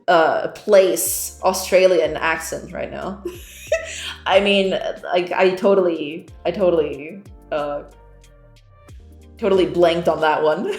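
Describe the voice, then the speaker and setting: A woman's voice: on the low side, a little mellow. A woman, a game developer streamer, chatting casually with viewers, giggling often and reading chat aloud. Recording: roomy echo with faint background music.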